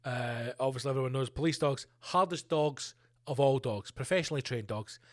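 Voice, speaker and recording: A man's voice: medium pitch, brisk. A man hosting his own podcast, ranting with plenty of swearing and jumping between tangents. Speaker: podcast host. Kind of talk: solo podcast rant.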